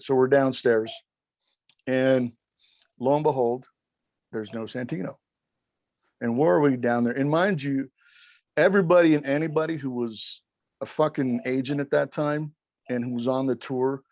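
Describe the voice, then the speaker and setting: A former wrestling referee in middle age appears as an interview guest, rambling through animated, profane stories, swearing nonstop and acting out the quotes. His medium-pitched voice is creaky, and the recording has no echo.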